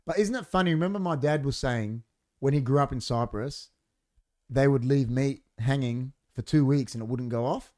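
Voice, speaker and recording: A man's voice: mid-range voice, normal speed, darkish tone, dry recording, studio quality. A man hosting a casual podcast, telling stories animatedly and swearing freely. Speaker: podcast host.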